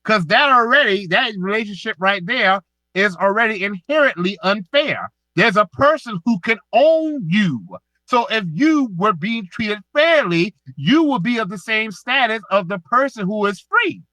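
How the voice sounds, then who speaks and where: A man's voice: high-pitched, animated, unhurried, pushed and bright, dry recording. A man with a Southern US accent hosting a live online audio space, lecturing a caller in a heated, emphatic way and repeating himself.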